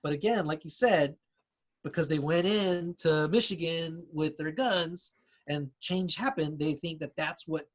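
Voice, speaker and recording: A man's voice: a little high, unhurried, muffled recording. A man co-hosting a podcast, explaining his points casually with many "you know"s and restarts. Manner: hesitant, many fillers and restarts, explains with examples. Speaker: podcast co-host. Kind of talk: casual chat.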